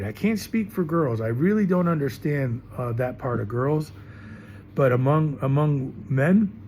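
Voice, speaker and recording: Emphatic, lively-voiced middle-aged man. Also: fairly high pitch, slight background noise. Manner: emphatic, rambling, repeats himself. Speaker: teacher. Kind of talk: impassioned monologue to camera.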